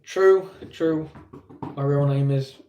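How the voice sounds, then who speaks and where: A man's voice: fairly high pitch, slow, dark tone. A man with an English accent streaming live, chatting casually with viewers in a rambling, self-deprecating way.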